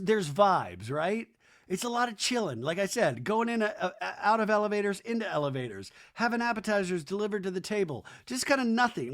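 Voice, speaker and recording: A man hosting a podcast, recapping a reality TV episode with sarcastic, animated commentary and putting on voices for quotes. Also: high voice. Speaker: podcast host. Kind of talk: comedic TV recap.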